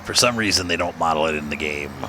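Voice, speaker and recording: A man's voice: very deep voice, fast talker, noisy background. A man chatting casually as he plays and hosts his gaming channel, rambling and poking fun at himself. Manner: chatty, rambling, self-deprecating. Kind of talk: casual gameplay commentary. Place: home room. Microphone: desk microphone.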